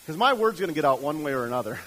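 A man's voice: on the high side, big pitch swings, very fast, fairly bright tone, low-quality recording. A man voicing God as a patient but firm figure who gives plain, matter-of-fact orders. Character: patient but firm divine male voice, commanding.

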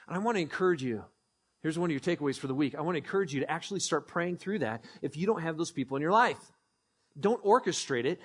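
A man's voice: sits high, husky. A man preaching a sermon as pastor, emphatic, repeating phrases and leading the congregation in call-and-response. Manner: emphatic, swings from hushed to ringing, repeats phrases.

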